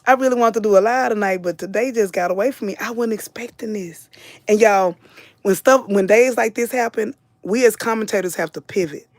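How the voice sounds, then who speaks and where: A woman's voice: mid-range voice, brisk, no echo. A middle-aged woman, hosting a live commentary stream, chatting casually and reading viewer comments aloud. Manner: chatty, reads viewer names aloud, drawls and repeats phrases.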